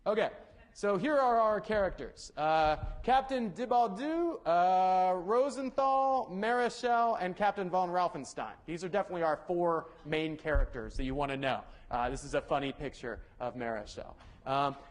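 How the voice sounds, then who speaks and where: A young male lecturer with a fairly high voice talks through a university class in a loose, rambling way. He corrects himself often, fills pauses with ums and uhs, and tosses joking asides to the students. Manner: casual, rambling, self-correcting with many fillers. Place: lecture hall.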